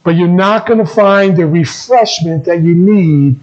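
A man's voice: high-pitched, unhurried, a little mellow, highs cut off. A man preaching a sermon as a pastor, asking the congregation questions and repeating his key phrases.

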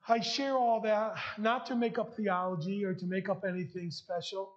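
A man's voice: sits high, flat delivery, moderate pace, hardly any pauses, dull audio. A man preaching a heartfelt sermon and sharing his testimony, emotional at times. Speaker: pastor.

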